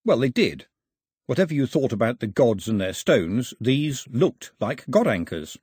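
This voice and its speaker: A man doing a slow, solemn fact-minded young man. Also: mid-range voice, very animated, a little mellow, breathy edge, no room sound, clean studio sound. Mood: deliberate. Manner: slow, deliberate, intoning.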